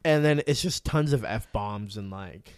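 A young man co-hosting a casual chat, retelling scenes in an animated way with lots of swearing and filler words. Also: fairly low pitch, measured pace, no room sound, clean studio sound. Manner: animated storytelling, heavy swearing, frequent "like".

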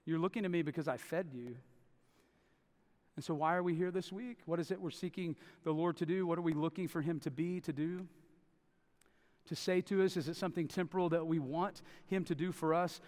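A man's voice: on the high side, fairly even intonation, brisk, darkish tone. A man preaching a sermon, emphatic and repeating phrases for stress. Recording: long reverb of a large hall.

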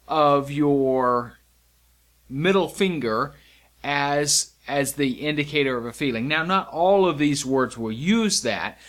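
A man's voice: fairly high pitch, a bit bright. A man teaching sign language vocabulary, explaining each sign step by step in a patient, demonstrating way. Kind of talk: instructional lesson.

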